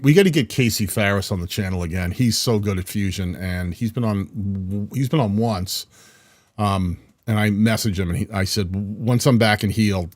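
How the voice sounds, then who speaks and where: A man's voice: low-pitched, no room sound. A man in his fifties with a New England accent, hosting a video editing channel and chatting casually through a live stream from his home studio. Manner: chatty and rambling, with frequent restarts. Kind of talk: casual live-stream chat reading comments.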